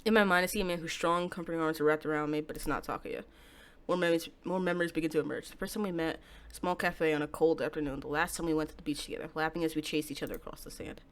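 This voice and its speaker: A woman reading a young game heroine's narration and lines aloud, quiet and steady with flashes of defiance. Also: low-pitched, racing.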